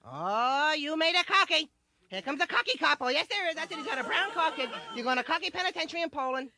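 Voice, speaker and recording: A man's voice: very high-pitched, animated, quick pace, creaky, a crowd in the background, pitched above the performer's own voice, full character voice. A man doing a cooing, doting mom. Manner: cooing baby talk. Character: fussing mother of a toddler, doting, babyish. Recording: noisy vintage vinyl album.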